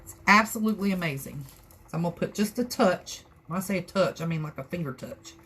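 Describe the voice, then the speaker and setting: Fast and expressive, this woman's voice runs on the low side, a bit bright with a breathy edge. She has a Southern US accent and chats folksily through a live crafting tutorial, rambling to her viewers in casual how-to talk.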